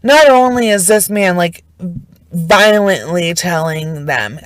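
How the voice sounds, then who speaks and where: A woman's voice: on the low side, lively intonation, slow, no echo, poor audio. A woman casually retelling a true crime case, chatty and indignant, full of fillers and swearing. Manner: emotionally invested, indignant.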